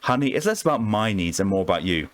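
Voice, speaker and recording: A man voicing a sickly, flirtatious female entity who drawls and teases, in a high falsetto. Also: lively intonation, racing. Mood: teasing. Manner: teasing, calls listener sugar and honey.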